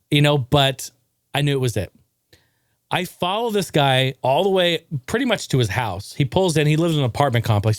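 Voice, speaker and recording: An energetic man in his thirties spins a long, rambling story as host of his own podcast. His voice sits a little high, and he swears freely as he goes. The sound is dry and close, with no room around it. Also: no room sound. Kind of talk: casual storytelling monologue.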